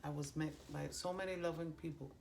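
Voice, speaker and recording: A woman reads cards as a medium, stopping often with ums and half-started phrases. Her voice sits low and has a gravelly fry. A faint hiss stays under it the whole time. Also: steady tone, darkish tone. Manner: halting, many ums and restarts, relays heard messages. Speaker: psychic medium giving a card reading. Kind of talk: channeled reading to viewers. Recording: faint background noise.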